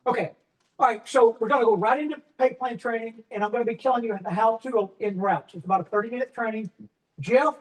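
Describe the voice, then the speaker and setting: A man's voice: extremely high pitch, fairly quick, rough recording. A man coaching a live crowd at a business event, telling jokey stories. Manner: jokey, storytelling. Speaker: network marketing coach.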